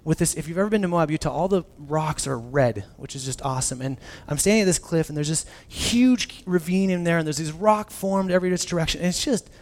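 A man in his thirties preaching a sermon, telling stories with lively restarts. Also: a little high, fairly quick, hardly any pauses. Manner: animated storytelling with many restarts. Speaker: pastor.

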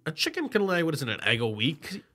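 A man's voice: on the high side, huge pitch swings, fast talker, bright, forceful tone. A young man co-hosting a podcast in casual chat, laid-back, reasoning things out and laughing easily. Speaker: podcast co-host.

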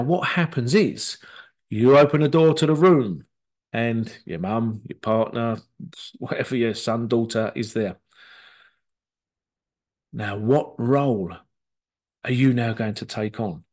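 A man talks in a loose, conversational way, as if coaching the listener directly. His voice sits at an ordinary middle pitch. He pauses on fillers and slips into short acted-out quotes along the way. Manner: conversational, acts out quoted voices, frequent ums and asides. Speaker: relationship coach. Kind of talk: casual spoken teaching talk.

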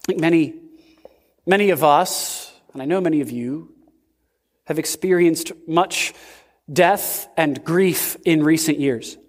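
A man preaching a sermon as pastor, slow and emphatic, with sudden swings in pitch. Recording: long reverb of a large hall.

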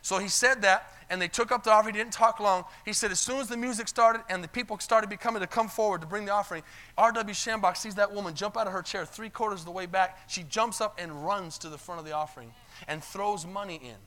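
Man, pastor, sermon storytelling, high voice, bright tone, calls for amens. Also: fast talker. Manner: retells stories in quoted voices, calls for amens. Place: church sanctuary.

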